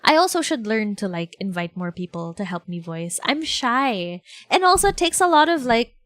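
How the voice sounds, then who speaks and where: A woman, chatting casually and bubbly as a streamer, full of fillers and sudden excited shouts. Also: fairly high pitch, normal speed, no echo. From Philippines. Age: 20s. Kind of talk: casual livestream chat. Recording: background music playing.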